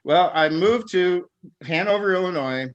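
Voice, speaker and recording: High-voiced chatty man on a video call. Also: measured pace, muffled recording. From Southern California. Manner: rambling, laughs at his own jokes, stammers on restarts. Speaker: stand-up comic.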